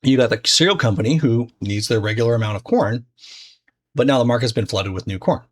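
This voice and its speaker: A man's voice: medium pitch, a little fast. A man teaching trading in a loose, conversational way, full of fillers and restarts. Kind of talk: casual explanatory lesson.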